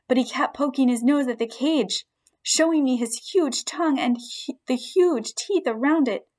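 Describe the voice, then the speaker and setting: A woman narrating a children's story aloud in the first person, with expressive storytelling. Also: high voice, a little slow. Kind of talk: audiobook storytelling.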